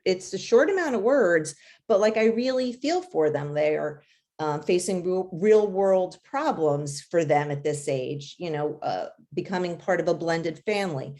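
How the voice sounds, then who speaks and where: Woman, children's author, chatty, full of fillers, light laughs, lowish voice. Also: lively intonation, unhurried, dark tone. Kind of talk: casual interview answers.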